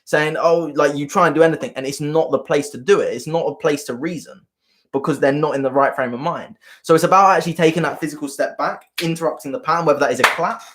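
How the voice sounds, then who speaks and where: Guy talking to his live stream viewers, kinda high voice, earnest, rambles and repeats himself. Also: fast, fairly bright tone. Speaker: self-help coach.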